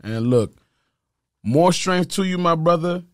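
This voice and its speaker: A man's voice: on the high side, lively intonation, a little slow, no room sound, clean studio sound. A man co-hosting a casual gossip chat, laid-back and joking, with sarcastic asides. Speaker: co-host of celebrity gossip show.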